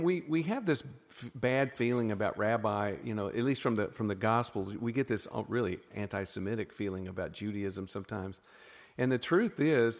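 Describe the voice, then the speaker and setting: A man's voice: on the low side, in a large hall. A man with a Southern US accent, a podcast guest explaining ideas in a thoughtful way, often restarting his sentences. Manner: thoughtful, self-interrupting explainer with frequent restarts. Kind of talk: casual teaching conversation.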